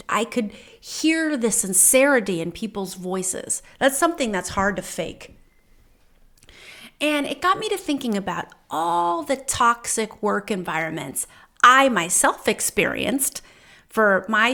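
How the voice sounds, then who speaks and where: A woman's voice: fairly high pitch, vocal fry, bright, forceful tone. A woman in her forties telling a personal story to her viewers in a chatty, enthusiastic and heartfelt way. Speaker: vlogger.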